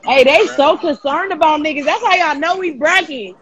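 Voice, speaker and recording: A woman chatting loudly on a livestream, taunting and laughing in brash slang. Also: high voice, moderate pace, lo-fi sound. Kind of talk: casual livestream chat.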